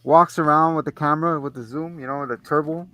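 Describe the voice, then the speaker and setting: Male podcast host, higher voice, dry close sound, rambling profane storytelling. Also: steady tone, a little fast, pushed and bright, no echo. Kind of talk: casual movie review chat.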